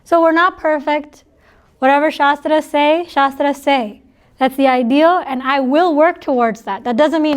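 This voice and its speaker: A woman's voice: high-pitched, unhurried. A middle-aged woman giving an informal spiritual talk to an audience, chatty and joking, laughing often between her points.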